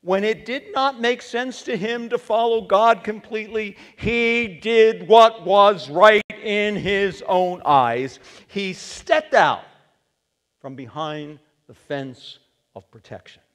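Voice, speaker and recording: Pastor guy preaching, acts out the quotes, high lively voice, long church echo. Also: takes it slowly. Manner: animated, acts out the quotes he reads. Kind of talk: sermon. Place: church sanctuary. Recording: long reverb of a church sanctuary.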